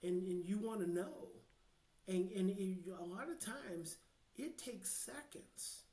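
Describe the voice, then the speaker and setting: Passionate American male guest expert, earnest, hushed-to-emphatic delivery, echoey room. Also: sits high, expressive. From United States. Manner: passionate, slows down to near-hushed then swells with emphasis. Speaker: guest, child behavior expert. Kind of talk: podcast interview, earnest advice.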